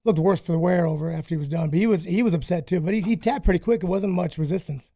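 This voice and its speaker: A man's voice: high voice, fast, mellow. A man telling rambling, profane stories about himself in a casual podcast interview. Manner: profane, rambling, self-mocking. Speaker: guest, former fighter.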